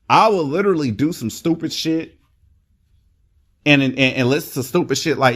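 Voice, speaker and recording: A man reviewing a movie in casual chat, excitable and rambling, with lots of swearing. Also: mid-range voice, moderate pace.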